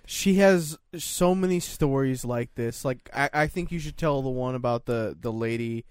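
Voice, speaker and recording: A man's voice: mid-range voice, smooth, dry recording, clean studio sound. A man co-hosting a podcast, teasing his partner and chiming in casually. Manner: teasing, chiming in with quick interjections. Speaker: podcast co-host. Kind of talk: casual chat.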